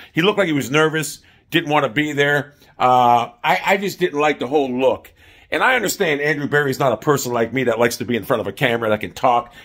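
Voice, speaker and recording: A man's voice: medium pitch, a bit bright. A man delivering an opinionated solo sports commentary, emphatic and self-assured, repeating his main point.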